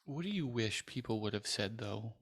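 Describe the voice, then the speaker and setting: A man, a pastor hosting a podcast, asking gentle, brief questions of his guest. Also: on the low side, animated, moderate pace, husky. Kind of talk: interview questions.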